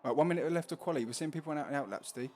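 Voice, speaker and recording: A man's voice: on the high side, racing, a little mellow, slight background noise. A man with a London Cockney accent hosting casual live race commentary, joking and reading out chat messages between laps. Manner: chatty, jokey, reads out chat messages. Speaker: race commentator and stream host.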